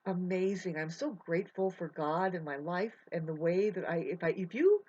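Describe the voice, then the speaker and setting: Woman, spiritual monologue, emotional, profane, uneven loudness, dull lo-fi recording. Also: on the low side, lively intonation, normal speed, breathy edge. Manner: emotional, swearing, drifting between soft and loud. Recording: dull lo-fi audio.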